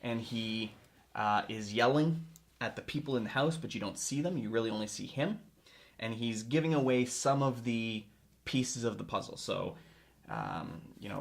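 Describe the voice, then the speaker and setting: Man pitching a film scene. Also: normal speed. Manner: talks through a scene step by step. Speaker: filmmaker host. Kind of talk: casual story pitch.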